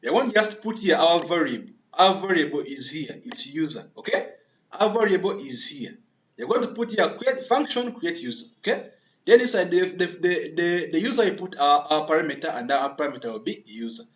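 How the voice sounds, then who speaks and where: A man's voice: on the high side, lively intonation, brisk, roomy sound, lo-fi sound. A man giving a screen-recorded coding tutorial, thinking aloud, repeating himself and often checking in with a questioning "okay?" while he addresses viewers as members.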